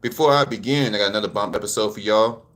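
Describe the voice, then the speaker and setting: A man's voice: fairly low pitch, quick pace, fairly bright tone. A man hosting a casual live commentary vlog, laid-back and a little out of breath, repeating himself and talking straight to his viewers. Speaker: channel host.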